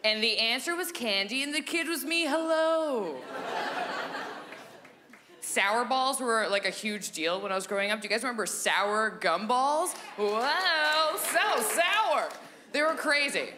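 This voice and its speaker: Lively high-voiced woman doing stand-up. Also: fairly quick, few pauses. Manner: goofy, acts out squeaky and whispery characters. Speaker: stand-up comedian. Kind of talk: stand-up comedy set. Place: comedy theatre stage with audience. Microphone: handheld stage microphone. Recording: live theatre recording with audience noise.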